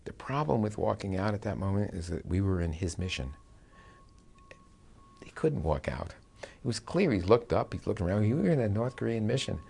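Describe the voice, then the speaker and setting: An older American former diplomat recounts a negotiation story in a dry, wry way, with frequent pauses and filler sounds. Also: male voice, lowish voice, sing-song, creaky, dark tone, breathy edge. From United States. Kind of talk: recounting a personal anecdote.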